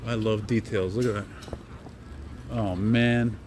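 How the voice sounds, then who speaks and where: A man's voice: lowish voice, fairly even intonation, slow pace, a little mellow. Chatty man walking city streets. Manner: rambling, chatty, easily amused. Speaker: vlogger host. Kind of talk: casual walking vlog. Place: city streets at night, outdoors. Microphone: handheld camera while walking. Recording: noisy street outdoors.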